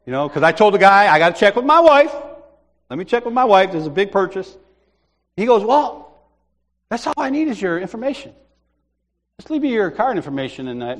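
Male preacher, higher voice, lively, comic storytelling sermon. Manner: animated storyteller, acts out voices, laughs often.

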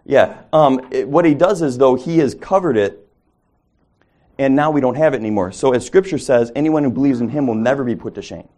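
A man's voice: mid-range voice, brisk, warm tone. A man leading a casual Bible study, teaching conversationally, asking the group questions and correcting himself as he goes.

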